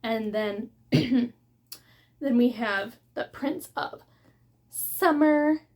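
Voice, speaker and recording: A woman vlogging a casual book haul unboxing, gushing and excitable as she shows off her books. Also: on the high side, very slow. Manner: gushing and excitable, with gasps of delight.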